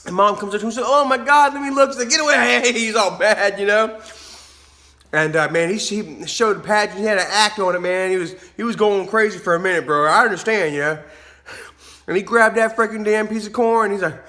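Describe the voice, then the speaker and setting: A man's voice: high-pitched, a little fast, sharp tone. A man, vlogging casually, telling rambling stories, laughing often and swearing freely. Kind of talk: casual vlog storytelling.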